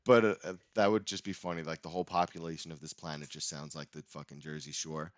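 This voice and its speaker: A man's voice: very deep voice, flat delivery, fast talker, dry recording. A young man hosting a casual podcast chat, laughing often, rambling and swearing freely.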